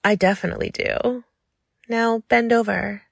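Woman voicing a quietly commanding mistress. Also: on the high side, fairly even intonation, moderate pace, gravelly, husky, no echo, studio quality, pitched above the performer's own voice. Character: commanding, teasing woman in control.

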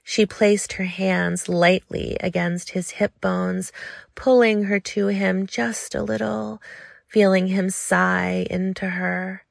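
A woman narrating an audiobook in a slow, intimate, low-key reading. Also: flat delivery, vocal fry, no room sound, clean studio sound.

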